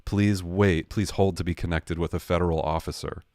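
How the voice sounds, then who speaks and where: A man's voice: sits low, steady tone, moderate pace, a little mellow, no echo, clean studio sound. A man hosting a livestream, telling a story in a jokey, sarcastic way and correcting himself as he goes. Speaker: livestream host. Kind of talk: casual storytelling rant.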